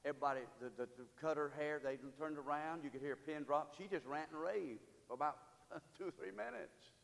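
A pastor preaching a sermon in a church, building from storytelling to loud call-and-response exhortation. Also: male voice, fairly high pitch, brisk, vocal fry, long reverb tail. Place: church sanctuary.

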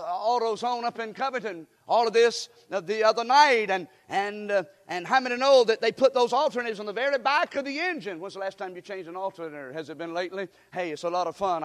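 A man preaching a sermon, calling out to the congregation and building up to shouts. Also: sits high. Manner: call-and-response preaching, rising to shouts. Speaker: pastor. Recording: hall reverb.

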